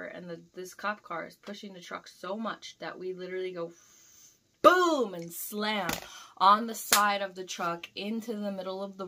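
A young woman vlogger recounts a dream in a casual, lively way, acting out scenes and swearing freely. Her voice sits on the low side.

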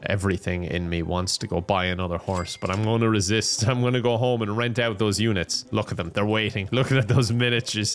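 A man's voice: lowish voice, fairly bright tone. Sarcastic man narrating gameplay. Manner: sarcastic, joking, laughs often. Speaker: gaming YouTuber. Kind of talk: casual gameplay commentary.

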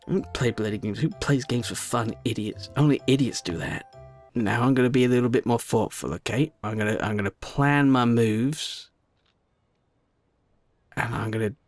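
Male gamer, frustrated rage commentary, loud outbursts to low grumbles, heavy swearing. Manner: swearing, scolding himself and his character in frustration; swings between yelling and low muttering. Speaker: gaming YouTuber. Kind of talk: gameplay commentary.

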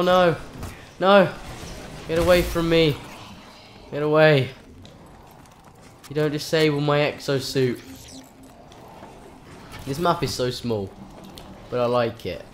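A man talking through his gameplay live, swearing freely and breaking into panicked yelps. His voice sits a little high for a man, and his delivery is slow and drawn out. A faint hiss of noise stays under the voice. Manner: swears often, frustrated outbursts and panicked yelps. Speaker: gaming channel host.

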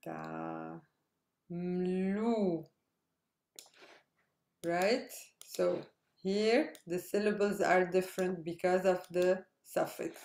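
A woman's voice: lowish voice, fairly even intonation, slow pace, gravelly, darkish tone, echoey room. A woman teaching a language lesson, patiently spelling out letters and repeating each word. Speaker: Arabic teacher. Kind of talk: slow explanatory lesson.

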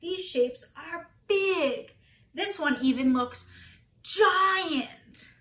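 A woman's voice: high-pitched, takes it slowly, reverberant. A woman teacher reading a picture book aloud to children, asking them questions and gasping for effect.

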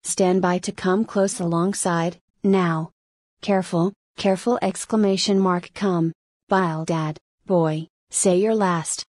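Old sea captain giving orders, voiced by a woman, low voice, slow commands, dry close recording, audiobook reading. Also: steady tone, a little mellow, no room sound. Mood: urging. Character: gruff old male sea captain, hurrying. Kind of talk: audiobook narration.

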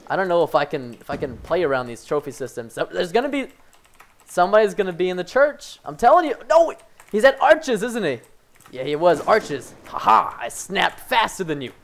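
Excitable young man with a lively voice. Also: sits high. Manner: excitable, jumps between frustration and excited yelps. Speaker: gaming commentator. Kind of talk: live gameplay commentary.

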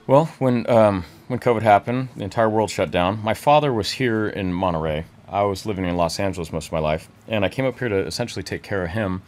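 Low-voiced chatty filmmaker, man. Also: brisk, few pauses. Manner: chatty, full of stops and restarts. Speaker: filmmaker guest. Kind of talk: interview answers.

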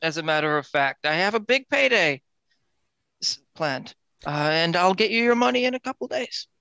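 Nervous debtor played by a man, high and fast, bright tense voice, dry sound. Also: animated, creaky, clear, resonant tone, dry recording, exaggerated voice. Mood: nervous pleading. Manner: pleading, fast, pitched up and nervous. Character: groggy, smooth-talking young male debtor.

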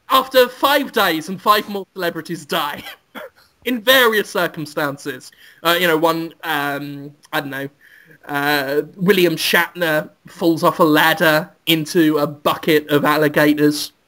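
A man's voice: a little high, takes it slowly, bright, forceful tone. A man hosting a podcast, rambling gleefully through a crude improvised comic story. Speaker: podcast host.

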